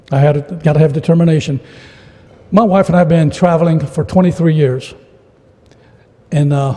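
A man's voice: high voice, mellow. A middle-aged man preaching a sermon as a traveling evangelist, folksy and humorous, with frequent stammered restarts, in a church. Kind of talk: sermon with storytelling. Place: church sanctuary. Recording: church hall reverb.

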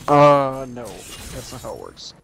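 Slow gravelly young man teasing. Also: medium pitch, wildly swooping pitch, fairly bright tone. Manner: teasing, laughing, crude. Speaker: friend in voice chat. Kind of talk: crude banter. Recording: game music behind. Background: game music.

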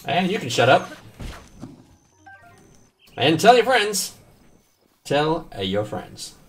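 A man's voice: a little high, slow, soft background music. A man streaming a video game live, chatting casually with viewers, joking and swearing often. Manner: animated, swears often, jokes with chat.

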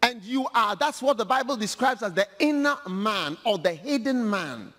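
High, lively-voiced male preacher. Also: unhurried. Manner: animated, humorous, acts out scripture. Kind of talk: sermon. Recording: long hall reverb.

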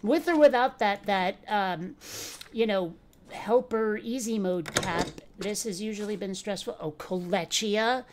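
A woman's voice: medium pitch, measured pace, noisy background. A woman giving casual let's play commentary, bantering sassily with the characters on screen. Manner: playful, sassy banter with game characters.

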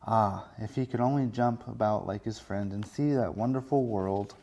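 A man, a children's librarian, reading a picture book aloud in a slow, gentle storytelling way. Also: fairly low pitch, gravelly, a little hiss or hum.

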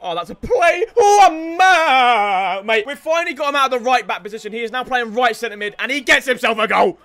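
A young man commentating his own football video game matches, hoarse from yelling celebrations. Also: very high-pitched, fast talker. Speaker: gaming YouTuber.

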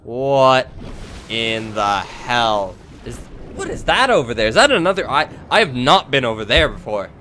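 A man giving let's play commentary, excitable and quick to yelp, talking straight to his viewers. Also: mid-range voice, a little hiss or hum. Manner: excitable, yelps and jumpy outbursts, addresses viewers. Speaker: gaming video creator.

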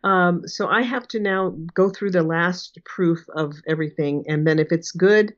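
A woman in her sixties chats as an interview guest, laughing often and slipping into voices for the people she quotes. Her voice sits fairly low, and the audio is dull and lo-fi. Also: moderate pace. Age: 60s. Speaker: guest, remote viewing teacher. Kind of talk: casual interview chat.

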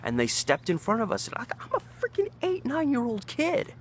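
A man's voice: extremely high pitch, brisk, a little hiss or hum. A man in his thirties from Oregon, telling a story from his childhood in a rambling, casual way with many fillers. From Oregon, USA. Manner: rambling, animated when excited, many fillers. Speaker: local history vlogger.

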